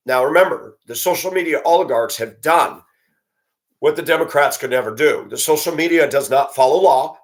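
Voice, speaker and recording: A man's voice: fairly high pitch, a bit bright. Indignant male vlogger, profane ranting monologue at a computer. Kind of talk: angry monologue to camera.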